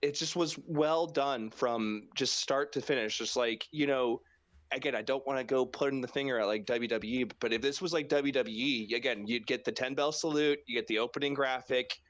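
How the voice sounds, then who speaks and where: Animated, profane man on a podcast. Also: normal speed, dry recording. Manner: animated, profane, acts out reactions in high mock voices. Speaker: podcast co-host. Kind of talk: casual wrestling chat.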